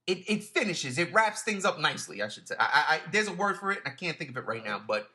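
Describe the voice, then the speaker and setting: A man's voice: a little high, sing-song, fast, bright, forceful tone. A man hosting a casual film discussion, often stammering and repeating words while he searches for what to say. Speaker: podcast host.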